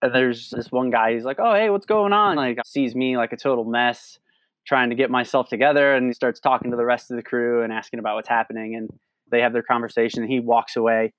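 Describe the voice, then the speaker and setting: A man's voice: mid-range voice, level tone, brisk, dry recording. Man telling a rambling trail story. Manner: rambling, lots of "like" and restarts. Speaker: guest, long-distance hiker. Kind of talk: casual storytelling.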